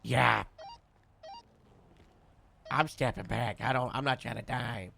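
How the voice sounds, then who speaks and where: Gravelly man role-playing a police captain. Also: mid-range voice, fairly even intonation, pushed and bright, slight background noise. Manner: halting, full of "uh" and restarts, police radio jargon. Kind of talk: in-character police radio role-play.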